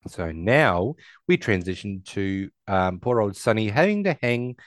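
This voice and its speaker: A man casually recapping a film, rambling and acting out the dialogue in quick voices. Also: on the low side, big pitch swings, dry recording. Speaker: podcast co-host recapping a film. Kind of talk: casual chat.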